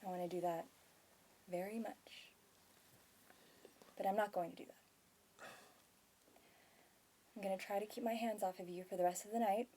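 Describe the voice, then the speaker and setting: An earnest, guilt-ridden mother , played by a woman in a scene. Her voice is warm and mellow, hesitant and careful. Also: medium pitch, steady tone, a little fast, long pauses, a little hiss or hum, close to an everyday voice. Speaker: actor in a scene. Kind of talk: stage scene acting.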